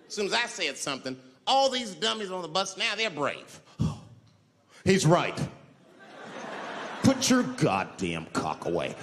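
A man doing a stand-up comedy routine, telling a story and shouting out the people in it. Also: fairly high pitch, slight background noise. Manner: animated storytelling with shouted voices. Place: comedy club stage. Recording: echoey club with crowd laughter.

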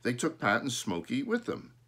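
A man reading a children's storybook aloud, pausing now and then to point out the pictures. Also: mid-range voice, wildly swooping pitch, fairly bright tone, breathy edge.

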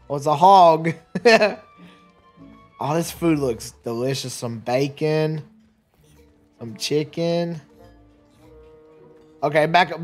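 A man giving casual let's play commentary, rambling and chatty, often laughing and tripping over his words. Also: a little high. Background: faint game music.

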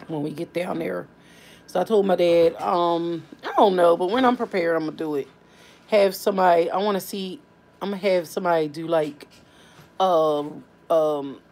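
A tired woman chats loosely with her viewers on a home live stream, full of fillers and drawn-out asides. Her voice sits low and has a gravelly fry. Faint room noise hangs behind her. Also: a little mellow. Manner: drawling, informal, many fillers. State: tired, yawning. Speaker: family channel host. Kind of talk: casual live-stream chat.

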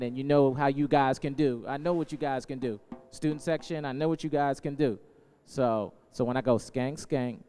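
Energetic male musician leading audience chants; smooth voice, long hall reverb. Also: mid-range voice. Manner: energetic, hyping up the crowd. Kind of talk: call and response with a crowd.

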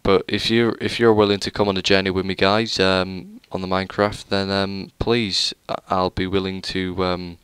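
A man's voice: low voice, flat delivery, normal speed, hardly any pauses, a bit bright, clear, resonant tone, no echo. A young man giving a rambling, self-deprecating tour of a game world, full of hesitant fillers. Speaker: gaming YouTuber. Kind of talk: casual let's play commentary.

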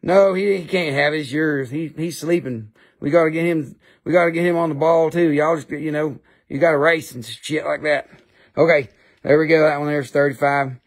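A man with an Appalachian accent hosts a live rock sale with a rambling, joking manner. His voice sits a bit high with a gravelly fry. He chats casually to viewers. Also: fairly even intonation, moderate pace. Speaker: live-stream rock seller. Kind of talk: casual live sales chat.

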